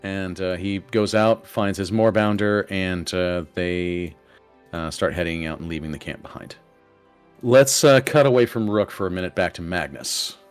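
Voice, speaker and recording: A man's voice: deep voice, normal speed, clear, resonant tone, dry recording. A man narrating as game master in a loose, filler-heavy storytelling manner. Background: faint ambient music.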